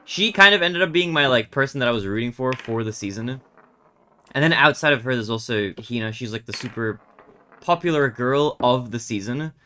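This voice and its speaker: A young man, a streamer casually chatting and retelling a reality show in a rambling, animated way with lots of fillers. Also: mid-range voice, brisk, a little hiss or hum. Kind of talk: casual chat while gaming.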